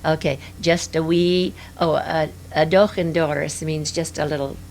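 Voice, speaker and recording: An older woman speaks in a low voice with a gravelly edge. She drifts from story to story, stopping often with hesitant fillers as she reminisces in an interview. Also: fairly even intonation, unhurried, darkish tone, a little hiss or hum. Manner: rambling, hesitant, many fillers.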